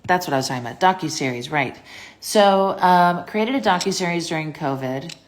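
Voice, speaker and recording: A woman's voice: lowish voice, animated, a little fast. A young woman from the US, casually chatting on a phone live stream and answering viewer questions in a rambling way, with lots of fillers. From United States.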